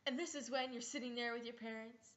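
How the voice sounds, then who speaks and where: Teen girl vlogger, bright and a touch high, playful and giggly, dull lo-fi home audio. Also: fairly even intonation, fast. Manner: playful, acts out scenes, giggly. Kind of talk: casual comedic vlog.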